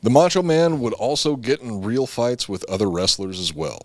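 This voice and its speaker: A man co-hosts a podcast, reading out notes with wry, joking asides. His voice is mid-pitched, and the sound is dry and close-miked. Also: lively intonation, moderate pace, no echo. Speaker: podcast co-host. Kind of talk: casual chat, reading notes.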